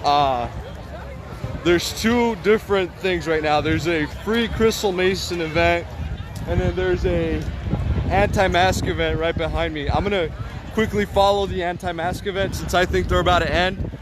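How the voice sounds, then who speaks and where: High-pitched man reporting live from street. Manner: casual, polite, explains plainly to his viewers. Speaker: independent street journalist. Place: outdoors at a city protest. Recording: busy outdoor crowd and traffic noise. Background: crowd and traffic noise.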